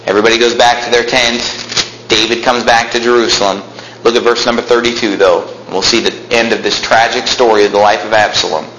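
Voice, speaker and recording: A man's voice: fairly low pitch, steady tone, fairly quick, a bit bright, a little hiss or hum. A young man preaching a sermon, reading scripture aloud and explaining it in plain talk, building to fervent emphasis. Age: young adult. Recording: echoey room with faint ambience.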